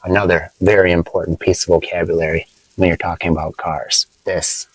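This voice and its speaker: A man teaching English vocabulary from inside his car, playful and explaining slowly with examples. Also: sits low, little pitch movement, breathy edge, dry recording, low-quality recording. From United States. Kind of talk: casual teaching vlog.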